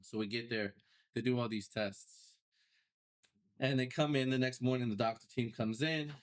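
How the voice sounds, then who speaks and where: A young man, a podcast guest, telling his personal story in a casual, animated way with loose slang. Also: mid-range voice, moderate pace. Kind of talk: storytelling interview.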